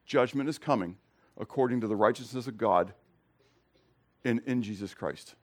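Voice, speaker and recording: A man preaching a sermon to his congregation, conversational, asking them direct questions and moving between loud emphasis and quiet, low remarks. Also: moderate pace. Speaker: pastor. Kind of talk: expository sermon.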